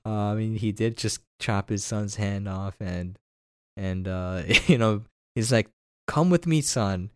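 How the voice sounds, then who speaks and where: A man's voice: lowish voice, little pitch movement, a little slow, a little mellow, smooth. A man co-hosting a podcast in casual chat, enthusiastic and jokey, laughing often. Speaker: podcast co-host.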